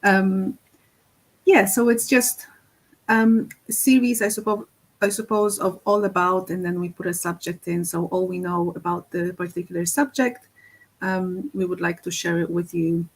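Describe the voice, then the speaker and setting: A woman's voice: lowish voice, fairly even intonation, normal speed, low-quality recording. Female podcast host and spiritual healer, casual and hesitant, full of restarts. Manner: hesitant, many fillers and restarts.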